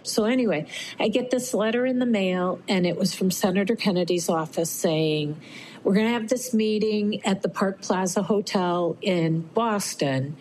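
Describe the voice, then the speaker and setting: A woman's voice: mid-range voice, normal speed, a little hiss or hum, rough recording. A middle-aged woman telling a personal story to an interviewer, acting out what others said. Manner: animated, acts out quoted voices.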